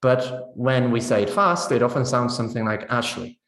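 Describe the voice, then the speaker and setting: A man talks teachers through a pronunciation lesson in a loose, conversational webinar style. He keeps checking in with a quick "right?" as he goes, and his mid-pitched voice carries a roomy echo. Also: expressive, a bit bright. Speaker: teacher trainer.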